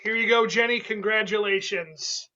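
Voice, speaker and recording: High bright guy hosting an improv game, playful, kinda dull lo-fi sound. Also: steady tone. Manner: playful, quick, laughing asides.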